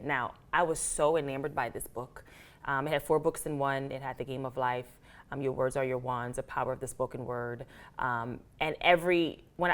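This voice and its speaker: An American actress and author tells her story as a guest in a casual interview, animated and acting out her own past thoughts. Her voice is low.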